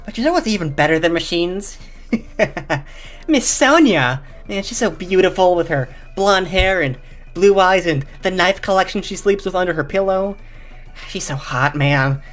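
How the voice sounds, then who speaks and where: A man's voice: high voice, lively intonation, unhurried, fairly bright tone, faint music behind. A man doing a whiny, lovesick young mechanic. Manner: whiny, griping.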